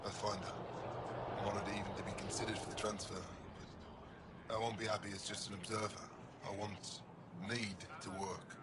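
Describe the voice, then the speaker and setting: A man's voice: lowish voice, moderate pace, long pauses, natural voice. A man voicing an earnest game engineer. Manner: formal, earnest. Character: earnest male engineer asking for work. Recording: game audio with steady background noise.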